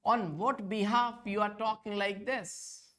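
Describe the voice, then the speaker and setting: A curious young assistant girl, voiced by a man, challenges the teacher in a raised, sing-song tone. The voice sits well above his own, bright with questions. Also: high voice, steady tone, measured pace, pitched above the performer's own voice. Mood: questioning.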